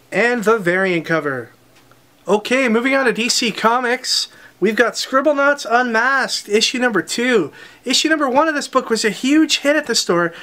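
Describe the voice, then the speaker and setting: A man, hosting a comic shop unboxing and briskly listing new releases with dry asides. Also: sits high, bright, forceful tone. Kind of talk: unboxing product rundown. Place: comic book store.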